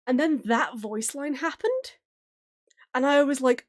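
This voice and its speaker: A woman's voice: high voice, measured pace. A woman streamer chatting casually while drawing, gushing and giggling often. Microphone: streaming mic.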